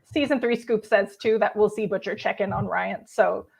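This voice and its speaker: A woman's voice: medium pitch, steady tone, normal speed, vocal fry, darkish tone, slightly rough. A woman hosting a casual TV chat, talking in a chatty, giggly way with lots of "like". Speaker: host.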